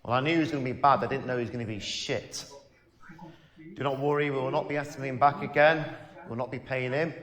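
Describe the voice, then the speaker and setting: A man's voice: mid-range voice, steady tone, quick pace, a bit bright, echoey room, in a large hall. A man announcing from a comedy stage in a dry, sarcastic manner. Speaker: comedy club compere.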